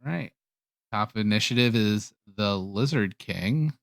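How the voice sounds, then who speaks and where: A man running a tabletop game as game master, talking rules in a relaxed way with lots of fillers. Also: fairly low pitch, unhurried, creaky, no echo, studio quality.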